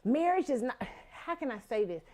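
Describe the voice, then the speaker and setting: A woman's voice: high-pitched, big pitch swings, fairly quick, mellow. A woman hosting a talk show, giving frank, casual commentary with profanity and frequent laughter.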